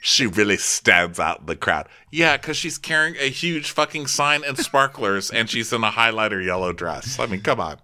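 A man's voice: on the low side, expressive, moderate pace, hardly any pauses, sharp tone. A man casually recapping a reality show with a co-host, sarcastic, laughing often and swearing now and then. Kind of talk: casual comedic chat.

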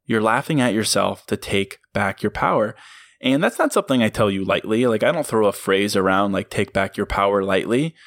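A man's voice: on the low side, animated, fairly quick, fairly bright tone, dry recording, studio quality. A man hosting a motivational solo podcast, talking earnestly and emphatically and breaking into laughs as he goes. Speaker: podcast host.

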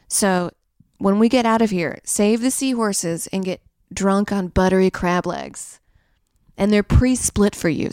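A woman's voice: mid-range voice, darkish tone, no room sound, clean studio sound. A young woman hosting a podcast, riffing through a crude, rambling comedic monologue. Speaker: podcast host.

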